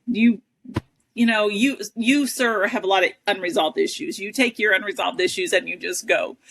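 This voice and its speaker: A woman speaks as a guest on an interview show, telling a personal story with animated, self-deprecating energy. She often acts out the people she quotes. Her voice sits at an ordinary middle pitch for a woman. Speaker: interview guest, advocate and educator.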